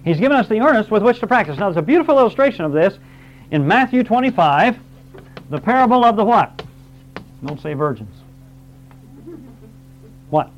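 A man's voice: high voice, sing-song, fast talker. A man teaching a Bible class, explaining verse by verse, reading scripture aloud and quizzing his students. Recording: dull lo-fi recording.

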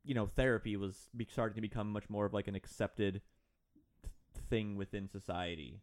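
Man, podcast co-host, casual chat, trivia, halting restarts. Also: fairly low pitch, fairly even intonation. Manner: chatty, shares trivia, hesitant restarts. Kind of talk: casual movie commentary chat.

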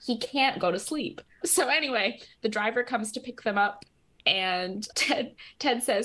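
A woman's voice: mid-range voice, moderate pace, a bit bright. A woman co-hosting a podcast, casually retelling scenes and quoting lines with a laugh. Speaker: podcast co-host. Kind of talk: casual recap chat.

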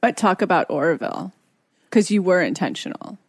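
Young woman co-host, gravelly fry, dry close sound, candid and self-deprecating. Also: lowish voice, animated, fairly quick, no room sound. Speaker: podcast co-host. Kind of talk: casual couple chat.

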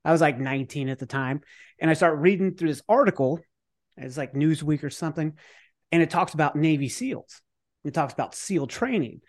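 A man's voice: on the high side, a little fast. A man talking casually as a podcast guest, telling a personal story with fillers and the odd curse word. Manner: animated, acts out his own thoughts in quotes; casual, with fillers and occasional cursing. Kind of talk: conversational storytelling.

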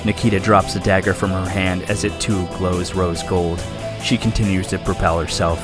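A man's voice: deep voice, level tone, normal speed, music in the background. A man running a tabletop game as game master, narrating the scene in vivid detail. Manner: vivid descriptive storytelling.

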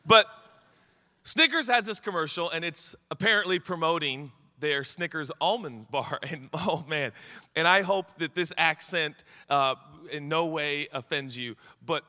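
A middle-aged pastor tells a story in a sermon with animated energy that builds into excited shouts and laughter. His voice is on the high side, with a long reverb tail.

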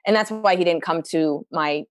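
A woman's voice: fairly low pitch, moderate pace, no room sound, clean studio sound. A young woman comedian telling stories about her family in a casual chat, full of fillers and quoted asides. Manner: chatty, lots of fillers, animated quoted asides. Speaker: stand-up comedian, guest. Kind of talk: casual conversational storytelling.

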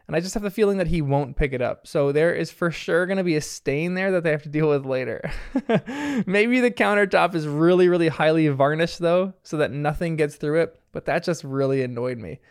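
A man's voice: a little high, smooth. A man casually recapping a cartoon episode in a chatty, rambling way, with lots of filler words. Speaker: show recapper.

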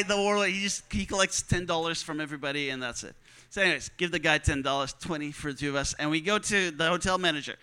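Storyteller, male: high, clear voice, animated and joking, acts out dialogue. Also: quick pace. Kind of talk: personal travel story told to an audience.

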